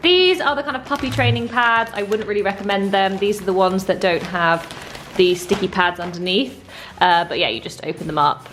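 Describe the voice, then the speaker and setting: A young woman chatting casually in a relaxed way for her vlog, with lots of asides. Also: mid-range voice. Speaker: vlogger. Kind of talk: casual chat.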